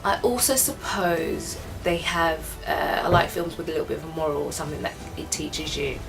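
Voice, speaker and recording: A woman's voice: low-pitched, normal speed, creaky, distant mic, music in the background. Chatty woman reviewing films. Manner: chatty, laughing, opinionated. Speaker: film reviewer. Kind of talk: casual film review vlog.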